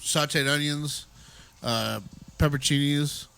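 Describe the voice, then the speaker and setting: A man's voice: on the high side, steady tone, unhurried, gravelly, sharp tone, clear, resonant tone, faint music behind. A man who works as a cook, chatting casually on a podcast in an enthusiastic, profane way. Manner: enthusiastic and profane, says "like" a lot. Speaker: cook at a hotel restaurant.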